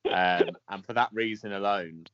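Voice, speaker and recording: A lower-voiced man trades dry, wry remarks while he guesses his way through a podcast quiz. The audio is dull and lo-fi, close and dry. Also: moderate pace, fairly bright tone, clear, resonant tone, dry recording. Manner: dry, wry banter, laughs at the questions. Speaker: podcast co-host, quiz contestant. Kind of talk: casual podcast chat.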